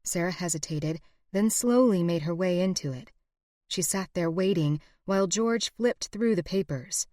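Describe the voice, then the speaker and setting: A woman narrating a historical romance audiobook in a steady, expressive reading. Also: fairly low pitch, normal speed, no room sound, clean studio sound. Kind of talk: scripted narration.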